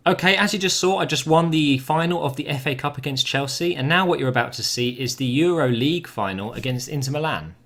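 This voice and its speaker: A young man commentating on his own football video game match, casual and chatty, with swearing and sudden excited outbursts. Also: on the high side, a little fast, hardly any pauses. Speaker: gaming commentator.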